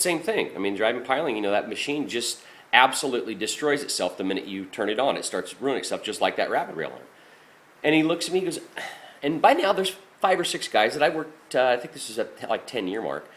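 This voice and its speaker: A man's voice: mid-range voice, animated, fairly quick, fairly bright tone. A middle-aged man who drives a garbage truck, talking casually and frankly about his job, with a lot of swearing, fillers and restarts. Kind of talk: casual rambling monologue.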